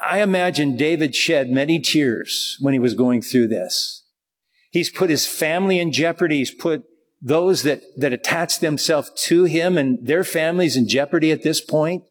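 A man's voice: on the high side, moderate pace, in a large hall. A man preaching a sermon in a conversational way, often restarting his sentences. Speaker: pastor.

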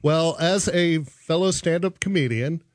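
A man with a high voice banters like a stand-up comic. He teases his friend in easy back-and-forth chat. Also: measured pace, no echo. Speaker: stand-up comedian. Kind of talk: teasing banter.

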